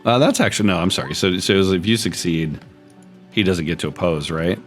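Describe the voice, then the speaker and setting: A man's voice: sits low, a little fast, faint music behind. A man narrating as game master, describing scenes in a loose, rambling way.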